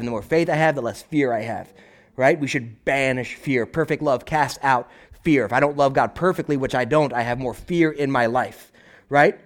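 A young adult male pastor with a mid-range voice preaches a conversational sermon. He is animated, often asks "right?" and acts out quotes.

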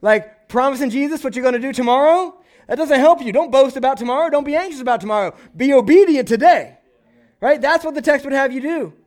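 A young adult male pastor preaching a conversational sermon, animated, often asking "right?" and acting out quotes. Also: very high voice, fast talker.

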